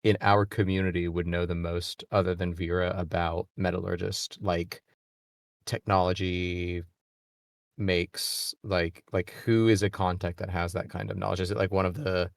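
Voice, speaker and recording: A very deep-voiced man talks as a player in a tabletop game, animated and quick to laugh. His voice sounds dry and close, with no room around it. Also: gravelly, no room sound.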